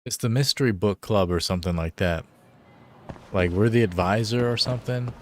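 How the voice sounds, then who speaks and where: A man's voice: lowish voice, moderate pace, a little mellow, a little hiss or hum. A man joking loosely in slang while live-streaming a game. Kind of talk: casual live-stream commentary.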